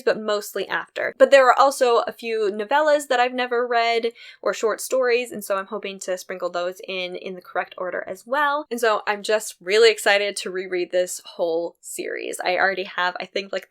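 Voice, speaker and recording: A woman's voice: medium pitch, fairly bright tone. A woman hosting a knitting video podcast in a casual, candid chat, laughing now and then between thoughts.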